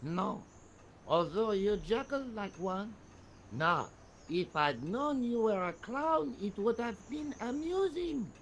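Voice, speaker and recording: Game casting: slow, high, lilting French cop who can't be bothered. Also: male voice, animated, slight background noise, exaggerated voice. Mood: languid. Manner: languid, unbothered, drawling. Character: lazy, amused French male police officer.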